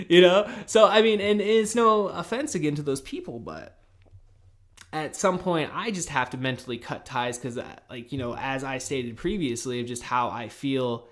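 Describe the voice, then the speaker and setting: A podcast host in his early thirties, rambling casually and swearing a lot in a loose, animated monologue. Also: mid-range voice, moderate pace. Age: 30s. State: tired and a little high.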